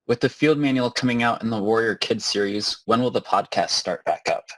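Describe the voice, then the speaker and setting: A man's voice: mid-range voice, a little fast, fairly bright tone, rough recording. A man moderating, reading audience questions aloud in a brief, matter-of-fact way.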